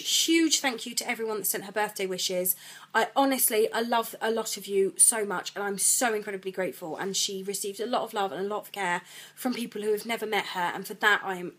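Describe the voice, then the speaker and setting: A woman vlogging about her week, talking in long rambling runs. She is pregnant and retells events with animated energy, quoting the people involved. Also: mid-range voice. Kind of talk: chatty vlog storytelling.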